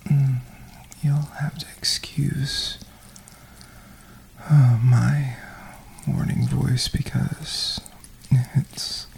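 A man in a whispered role-play, murmuring intimately to the listener with soft moans between phrases, as an audio performer. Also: mid-range voice, flat delivery, drawn-out words, gravelly, pauses often, poor audio.

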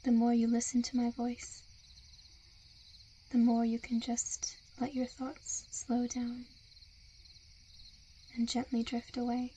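A woman in a whispered role-play, with a soft, soothing and coaxing hypnotic murmur. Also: fairly high pitch, completely flat delivery, slow pace, long pauses, a little hiss or hum. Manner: seductive, coaxing.

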